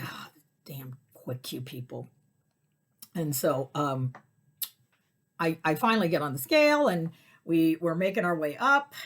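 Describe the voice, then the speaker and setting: A woman's voice: low voice, fairly bright tone. A woman telling a personal story in a casual, rambling way, with restarts and muttered asides.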